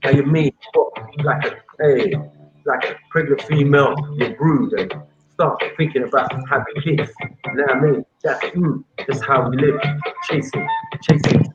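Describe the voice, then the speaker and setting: Rapper freestyling over a loud beat. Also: male voice, medium pitch, moderate pace, over loud music. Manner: rhythmic, streetwise, shouts hype calls. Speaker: freestyle rapper and show host. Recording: dull lo-fi audio with loud beat.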